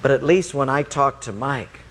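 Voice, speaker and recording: A man voicing God as a grave, firm male presence, speaking slowly and solemnly in a sermon story. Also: medium pitch, a little hiss or hum, close to an everyday voice. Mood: solemn rebuke.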